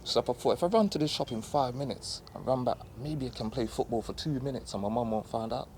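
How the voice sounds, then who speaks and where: A man's voice: mid-range voice, fast talker, darkish tone, a little hiss or hum. A man talking in a reflective, earnest way, telling loose stories in a casual chat.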